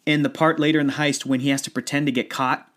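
A man in his thirties talking about movies in a casual chat, rambling and animated, often laughing. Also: on the high side, quick pace.

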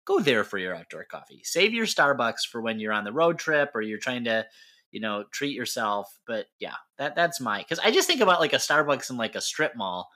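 A man's voice: medium pitch, very animated, fairly quick, sharp tone. A man with a Michigan accent co-hosting a sports podcast, chatty and playful, laughing often. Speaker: podcast co-host. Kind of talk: casual chat.

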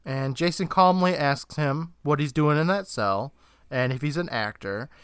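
A man co-hosting a podcast, casually recapping a TV episode with frequent laughter, swearing and quick impressions of the characters. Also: fairly high pitch, fairly bright tone, clear, resonant tone, dry recording. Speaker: podcast co-host.

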